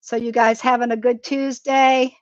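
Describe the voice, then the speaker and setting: A woman's voice: on the high side, flat delivery, normal speed, no room sound, lo-fi sound. A middle-aged woman chats and laughs often while she sculpts and paints on a live stream from her craft table at home. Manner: chatty and rambling, laughs often. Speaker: craft presenter.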